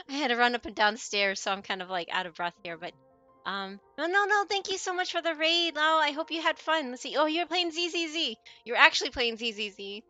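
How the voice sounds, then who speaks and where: A woman streams live and talks casually to her viewers. Her voice sits a little high and bright, with a crisp edge. She is chatty and giggly, drifts off mid-thought and starts over, and soft music plays faintly under her. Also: dry recording. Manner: chatty and giggly, trailing off and restarting.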